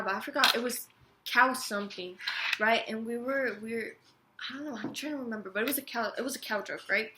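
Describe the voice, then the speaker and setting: A young woman, an interview guest, telling a story in casual chat, swearing freely and acting out quotes. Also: a little high. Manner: chatty, swears freely, lots of "like" and acted-out quotes. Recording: roomy room with faint noise.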